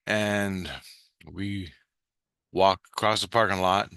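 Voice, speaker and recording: A man's voice: low voice, steady tone, slow, gravelly, pushed and bright, clear, resonant tone, no echo, studio quality. A man casually recounting a dreamlike experience, meandering with frequent restarts and offhand swearing. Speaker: vlogger recounting a spirit-world vision. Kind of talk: casual rambling storytelling.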